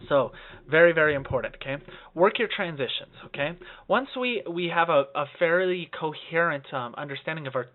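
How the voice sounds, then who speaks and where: A young man giving a voice lesson, talking expressively, swooping up into head voice and falsetto and checking in with a frequent "okay?". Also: expressive, brisk. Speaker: voice teacher. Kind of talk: vocal lesson to camera. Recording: tinny phone-like lo-fi audio.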